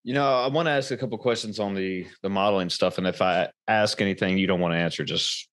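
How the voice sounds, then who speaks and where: A man hosting a podcast, asking questions in a relaxed, casual way. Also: low-pitched, fast talker. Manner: relaxed, brief affirmations. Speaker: podcast host. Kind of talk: casual interview.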